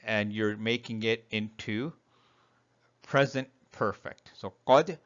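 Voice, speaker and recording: A man's voice: fairly low pitch, slow pace, a bit bright, muffled recording. Middle-aged man teaching a grammar lesson. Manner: patient, explains step by step with fillers. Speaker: Arabic teacher.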